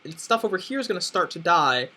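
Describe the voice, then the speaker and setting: A man's voice: high voice, sing-song, fast talker, bright, forceful tone, rough recording. A young man casually commentating his own game replay, thinking aloud and restarting sentences often. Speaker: gameplay commentator.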